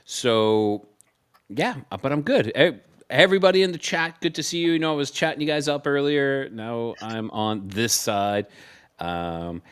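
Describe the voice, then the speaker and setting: A man's voice: medium pitch, normal speed, clean tone. A man guesting on a livestream, chatting casually and rambling with frequent restarts. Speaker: podcast host, guest. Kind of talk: casual chat.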